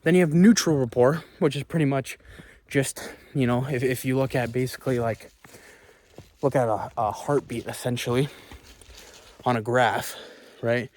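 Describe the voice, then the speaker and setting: A man's voice: medium pitch, moderate pace, long pauses, darkish tone. A man giving casual sales coaching while walking outdoors on hilly ground, emphatic and repetitive, checking in with "okay?" and "right?". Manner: emphatic, repeats words, frequent "okay?" and "right?"; talking while walking, puffs between thoughts.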